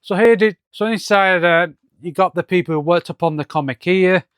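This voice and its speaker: Guy doing a casual comic review, smooth voice, dry close sound, tons of ums. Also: high voice, normal speed, no room sound. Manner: hesitant, many fillers and restarts.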